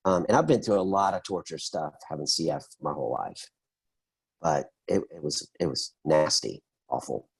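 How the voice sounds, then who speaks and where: A middle-aged man in an interview, telling his story in an animated, conversational way and acting out the voices of the people in it. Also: very deep voice, moderate pace, creaky, husky, low-quality recording. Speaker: interview guest.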